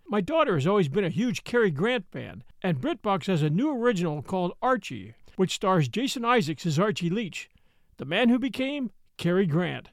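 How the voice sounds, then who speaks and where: A male host reading a sponsor spot with upbeat enthusiasm. His voice is high and lively in pitch, recorded dry and close. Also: moderate pace, dry recording. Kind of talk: scripted ad read.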